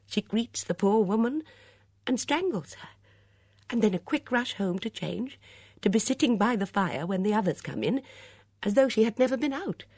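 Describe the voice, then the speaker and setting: Elderly lady detective, grave and earnest, read by a woman, lively swings in pitch. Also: breathy edge, dry recording, studio quality. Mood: urgent. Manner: measured, earnest explaining. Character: elderly woman sleuth, gentle but grave.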